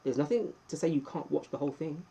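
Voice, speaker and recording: A man hosts a casual live stream from home, reading out viewers' names and cheering them on. His voice is warm and mellow with a slightly husky edge, and he jumps into excited bursts between relaxed chatter. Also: fairly high pitch, fast, rough recording. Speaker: livestream host.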